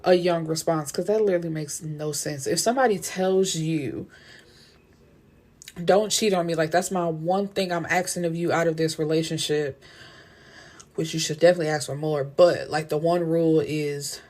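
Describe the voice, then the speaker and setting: A woman giving a casual recap of a novel, with blunt, slangy, animated commentary. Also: sits low, normal speed. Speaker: book reviewer.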